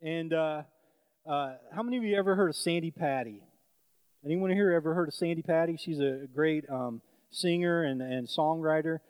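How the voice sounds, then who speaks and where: A man's voice: fairly high pitch, moderate pace, darkish tone, smooth, dry recording. A man preaching a sermon, telling a personal story in a loose, conversational way with frequent fillers and restarts.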